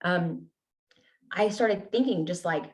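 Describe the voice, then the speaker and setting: A woman's voice: fairly low pitch, slow pace. A woman guest telling her personal story in an earnest, candid way, often checking in with "right?" and "you know?". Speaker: podcast guest.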